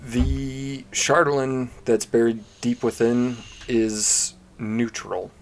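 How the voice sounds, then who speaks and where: A man narrating a tabletop game as game master in a measured, descriptive way. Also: mid-range voice, flat delivery.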